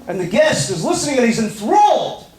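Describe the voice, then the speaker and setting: A man, a rabbi, telling a story in a sermon with animated delivery and snatches of song. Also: very high-pitched, fairly quick. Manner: animated, sings snatches of melody. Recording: echoey room with faint background noise.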